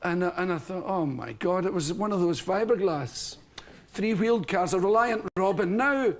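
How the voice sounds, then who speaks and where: A man's voice: high-pitched, lively intonation, moderate pace. A Scottish man, a chat-show guest, telling a long rambling anecdote and laughing through it. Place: television studio.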